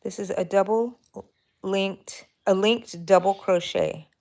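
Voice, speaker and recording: Gravelly-voiced woman chatting while crocheting. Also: mid-range voice, fairly even intonation, takes it slowly, darkish tone. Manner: rambling, thinking aloud with fillers. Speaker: crochet channel host. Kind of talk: casual live-stream chat while crocheting.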